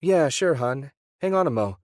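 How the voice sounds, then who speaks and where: A male narrator voicing a friendly young woman answering the phone, her speech soft and rounded, set well above his own pitch. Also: expressive, normal speed, dry recording, clean studio sound. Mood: warm, easygoing.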